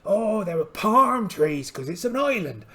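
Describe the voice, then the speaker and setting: A man's voice: high-pitched, very animated, a little slow, fairly bright tone, heavily acted. A man voicing a polite, boastful one-eyed pirate captain in a solo tabletop game, theatrical and full of exclamations. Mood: hearty. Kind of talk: in-character solo game narration.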